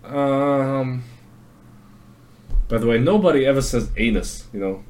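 Male podcast host, unhurried, rambling and profane. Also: mid-range voice, darkish tone. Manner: rambling, profane, lots of fillers. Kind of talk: casual monologue.

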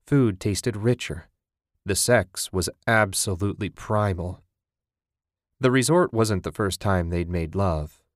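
A man narrates a story in a measured, even manner. His voice sits low. The sound is dry and close, with no room around it. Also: no echo. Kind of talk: scripted narration.

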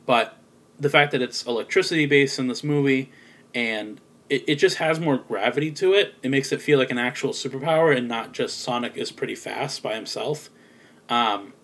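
A man giving a casual spoken film review, rambling with lots of filler words and sounding a little sleepy. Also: mid-range voice. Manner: rambling, many ums and likes. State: sleepy, yawning.

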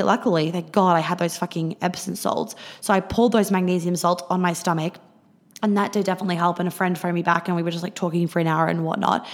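On her podcast, a lowish-voiced young Australian woman spins a rambling, casual story, with lots of filler words and free swearing.

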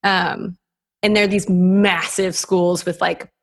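Speaking slowly in a level, lowish voice, this young woman co-hosts a podcast heard over a video call. The chat is casual, full of laughter and frequent "like" fillers.

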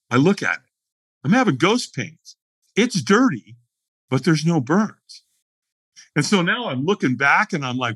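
A man's voice: a little high, big pitch swings, measured pace, long pauses, a bit bright, breathy edge, dry recording. A man telling a dramatic story as a podcast guest, acting out the scene in voices. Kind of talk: animated storytelling.

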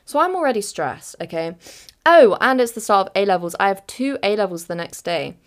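A woman's voice: mid-range voice, animated, fairly quick. A young woman in her late teens telling a chaotic, giggly story on her podcast. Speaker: podcast host.

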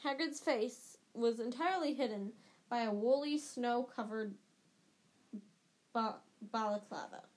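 A woman reading a novel aloud in a steady, plain storytelling manner. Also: on the high side, unhurried. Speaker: reader.

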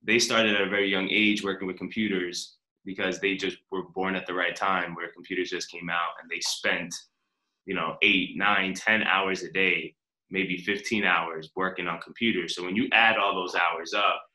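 A man hosts a casual podcast interview, curious and earnest as he asks his guest questions. His voice sits a touch low and sounds bright and forward. The room around him rings noticeably. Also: level tone, moderate pace, roomy sound, low-quality recording. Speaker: podcast host.

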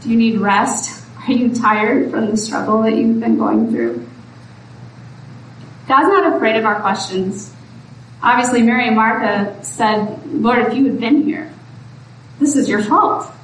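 A woman's voice: a little high, expressive, a little slow. A woman preacher giving a sermon in an earnest, pleading way that rises to exhortation. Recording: echoey room from far off, faint background noise.

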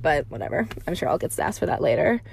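A woman's voice: low-pitched, very animated, quick pace, gravelly, darkish tone, a little hiss or hum. A young woman recording a casual audio diary from her parked car, rambling and filling her talk with "like". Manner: rambling, heavy use of filler "like".

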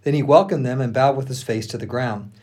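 A man's voice: medium pitch, a little fast. Earnest male pastor reading scripture. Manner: earnest, expressive reading with dramatic emphasis.

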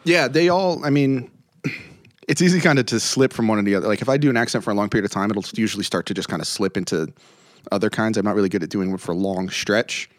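A young comedian rambles through anecdotes, slipping into other people's voices as he goes. His voice sits low, and the close-mic sound is dry. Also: quick pace, no room sound. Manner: rambling and animated, laughs often, mimics voices in anecdotes. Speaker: comedian guest. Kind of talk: casual podcast chat.

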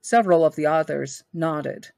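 A woman reading a novel aloud for a book club, steady and now and then correcting herself. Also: low voice, normal speed, creaky, dry recording.

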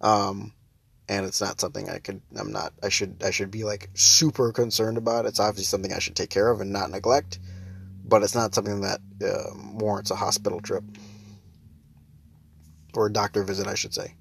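A man's voice: lowish voice, level tone, a little fast, vocal fry, husky. A young man hosting his own show, ranting sarcastically and laughing often while he nurses a headache. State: has a headache, holds back laughter. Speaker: podcast and stream host. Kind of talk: casual solo monologue.

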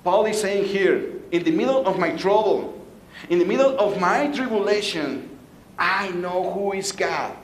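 A man's voice: high voice, expressive, measured pace, echoey room, low-quality recording. A man preaching a sermon, playful and joking with his congregation. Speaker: pastor. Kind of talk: sermon with jokes.

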